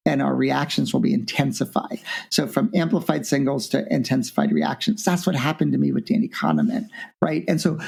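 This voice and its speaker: Gravelly guy on a podcast, kinda high voice, acts out the quotes all over the place. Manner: lively, acts out quotes with big pitch jumps. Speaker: guest, business professor. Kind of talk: animated interview storytelling.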